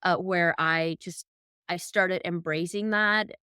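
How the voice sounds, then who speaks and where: A woman's voice: lowish voice, steady tone, slow, pushed and bright, smooth, no room sound, clean studio sound. A woman in her thirties who grew up speaking Pennsylvania Dutch, chatting easily as an interview guest with a light Amish accent and frequent laughs. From Michigan, USA. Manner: easygoing, laughs often. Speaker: podcast guest. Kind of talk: conversational interview.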